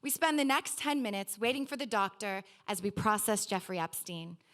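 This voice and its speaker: A woman reading her own personal essay aloud at a live literary event, wry and lively, with quick asides. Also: medium pitch.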